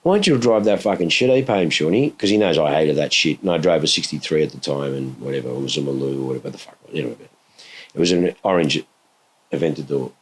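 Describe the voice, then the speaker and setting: A middle-aged man hosting a podcast, telling stories in a casual, heavily profane and animated way. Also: rumbling low, fast talker, slightly rough. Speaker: podcast host. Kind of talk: casual chat.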